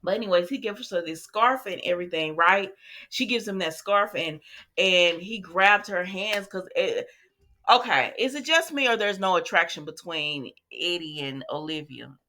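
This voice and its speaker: Casting: woman, soap recap host, chatty and animated, a touch low-pitched. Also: moderate pace. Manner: chatty, animated retelling with asides to viewers. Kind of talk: casual recap chat.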